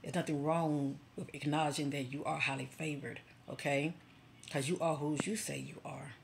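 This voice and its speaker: A woman's voice: deep voice, steady tone, moderate pace, gravelly, a little hiss or hum. A woman giving a casual spiritual encouragement talk to her followers, speaking directly and conversationally like a preacher, often checking in with "okay?" and "you know.". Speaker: spiritual vlogger.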